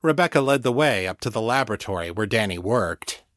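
A man narrating a serial audiobook in a steady, measured way, recorded on a close mic. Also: on the low side, no room sound. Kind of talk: scripted narration.

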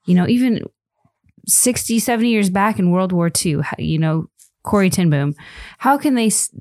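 A woman's voice: medium pitch, expressive, moderate pace, a little mellow, dry recording, studio quality. A woman co-hosting a Christian parenting podcast, talking casually about faith with frequent fillers and restarts. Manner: chatty, many fillers and restarts.

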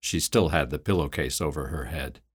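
A man with a very deep, low voice reads a scripted story aloud. His delivery is measured and steady, in the manner of an audiobook narrator. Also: husky.

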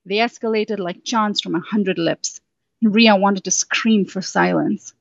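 A woman's voice: medium pitch, a little slow, vocal fry, no echo. Woman reading a storybook aloud. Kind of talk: storybook narration. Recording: dull, dry sound.

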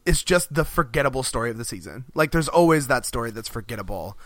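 A man's voice: mid-range voice, animated, fast, a bit bright, dry recording. A man co-hosting a podcast in casual chat, rambling with frequent restarts and laughs between phrases. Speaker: podcast co-host.

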